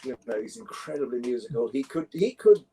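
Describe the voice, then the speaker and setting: An older English man with a London accent, a guest recalling stories in a relaxed, rambling way with many self-corrections. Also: mid-range voice, brisk, slightly rough, rough recording. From London, England. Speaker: guest, actor and musician. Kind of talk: relaxed conversational interview.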